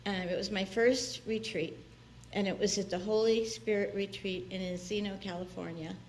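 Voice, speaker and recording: A woman guest minister with a mid-range, slightly mellow voice keeps a steady tone and moderate pace over faint background noise. Her conversational sermon in the church sanctuary is personal, laugh-filled, and full of acted-out quotations.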